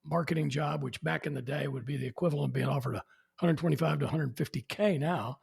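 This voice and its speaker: Husky gravelly older man. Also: fairly high pitch, fast. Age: 70s. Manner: animated, acts out quoted people. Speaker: podcast guest. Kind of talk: anecdotal storytelling.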